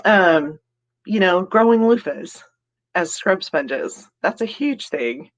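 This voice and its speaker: A woman's voice: lowish voice, expressive, slow pace. A woman hosting a casual live stream, chatty and rambling, laughing often and greeting viewers by name as she reads their comments. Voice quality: giggly, laughs often between remarks.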